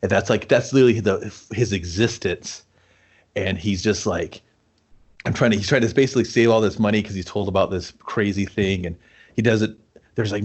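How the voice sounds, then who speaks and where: A young man talks loosely and profanely, piling one clause onto the next as he spins out a story. His voice sits a little low, with a husky, breathy edge. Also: brisk, darkish tone. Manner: rambling, profane, laughs a lot while telling it. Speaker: podcast co-host. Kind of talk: casual chat, riffing a made-up movie sequel.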